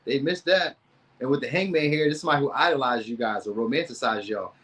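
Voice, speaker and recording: A man's voice: mid-range voice, fast talker, a bit bright. A man giving a casual tarot reading, chatting in loose slang and reacting to viewers' comments. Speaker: tarot reader.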